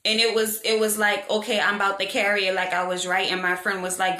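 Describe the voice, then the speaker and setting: A young woman telling a storytime vlog in a frank, animated, slangy way, poking fun at herself. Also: mid-range voice, a little fast. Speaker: vlogger. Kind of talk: casual storytime monologue. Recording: echoey room.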